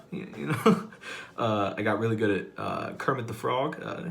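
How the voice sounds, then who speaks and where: A man's voice: fairly low pitch, normal speed, gravelly, fairly bright tone. A man vlogging casually, rambling with lots of fillers and amused at himself. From Southern US. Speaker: comedic vlogger. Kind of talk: casual talk to camera.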